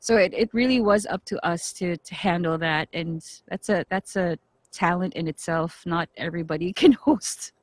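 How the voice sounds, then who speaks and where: A woman's voice: lowish voice, normal speed, dry recording. A woman with a Filipino accent, a radio and event host, chatting animatedly and laughing often. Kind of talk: casual podcast chat.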